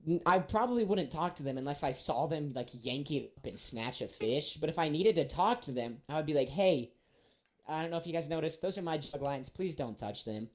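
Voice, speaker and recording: A young man, casually telling a story and acting out every quote with big jumps in his voice. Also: a little fast. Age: young adult. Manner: animated, acts out quotes with big pitch jumps.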